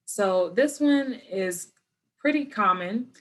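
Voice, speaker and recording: A woman teacher recording a lesson for her students at home, patient and encouraging, slowing down to model words clearly. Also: medium pitch, expressive, a bit bright.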